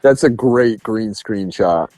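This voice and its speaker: Laid-back low-voiced man reviewing a film. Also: slow pace, darkish tone, dry recording, faint music behind. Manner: loose and chatty, acts out movie lines with laughs. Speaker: podcast co-host. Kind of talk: casual film review chat.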